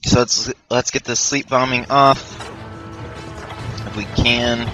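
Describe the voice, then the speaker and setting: A man's voice: mid-range voice, steady tone, slow, bright, forceful tone, poor audio. A man giving rambling, self-deprecating commentary while playing a video game, full of fillers and restarts. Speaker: let's play commentator. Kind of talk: casual gameplay commentary. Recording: game music playing under the voice.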